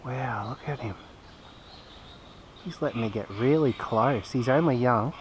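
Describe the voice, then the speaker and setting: An Australian man talks to his phone camera on a riverbank, his voice soft and soothing at a middling pitch. He lilts upward now and then as if coaxing an animal. A faint wash of outdoor noise sits under the recording. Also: measured pace. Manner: gentle, soothing tones, lilting up when talking to the bird. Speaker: fishing vlogger. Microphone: phone camera mic.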